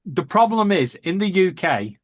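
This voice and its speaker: A man's voice: sits high, big pitch swings, a little slow, dry recording. A man from Lancashire with a northern English accent, chatting casually as host and laughing often. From Lancashire, England. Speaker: podcast host. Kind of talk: casual chat.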